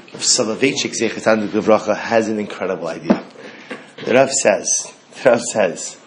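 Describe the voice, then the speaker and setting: A man teaching as a rabbi in an animated storytelling sermon, emphatic, repeating phrases and restarting often. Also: medium pitch.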